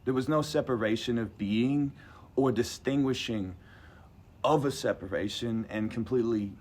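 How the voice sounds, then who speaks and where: Husky man telling a story animatedly. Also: mid-range voice, moderate pace. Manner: animated, emphatic, acts out quotes; rambling, conversational. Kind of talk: personal storytelling to a live audience.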